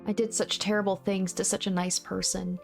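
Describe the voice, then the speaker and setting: A woman voicing a tearful, guilt-ridden young woman, reading a visual novel aloud in a higher, pleading voice. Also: little pitch movement, a little fast, creaky, darkish tone, faint music behind, close to an everyday voice. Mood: despairing. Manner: higher, sobbing, pleading delivery.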